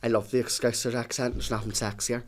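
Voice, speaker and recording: A man's voice: medium pitch, level tone, a little fast, slight background noise. A man guesting on a podcast, chatting in a playful, silly, boastful way. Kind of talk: casual chat.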